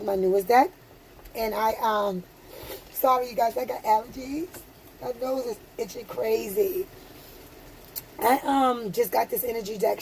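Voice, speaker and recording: Woman doing a chill card reading, aave, kinda high voice, faint room hum behind. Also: darkish tone, low-quality recording. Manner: soothing, affirming, laughs often. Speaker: tarot reader. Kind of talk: casual spiritual card reading.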